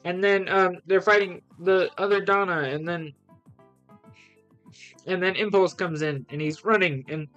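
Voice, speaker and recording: A man's voice: high voice, fairly even intonation, measured pace, pauses often, a bit bright, highs cut off, faint music behind. A man casually reviewing comics on a livestream, rambling through plot recaps with lots of fillers and giving blunt, scornful verdicts.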